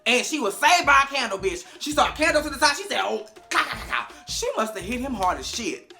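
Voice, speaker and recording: A young woman, recapping a TV episode to camera, profane and animated, acting out the scenes with big vocal swings. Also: sits high, quick pace, soft background music. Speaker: TV recap vlogger. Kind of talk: casual recap commentary to camera.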